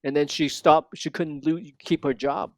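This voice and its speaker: A man coaching a student one on one, modeling lines slowly and repeating them with lively energy. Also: on the high side, dry recording. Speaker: accent coach. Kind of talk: one-on-one language lesson.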